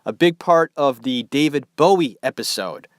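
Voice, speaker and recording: A man's voice: fairly high pitch, animated, normal speed, no echo, clean studio sound. A man hosting a podcast, telling a story in a casual, chatty way. He has a nasal voice, stuffed up from a head cold, and talks loosely with swearing and asides. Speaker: podcast host.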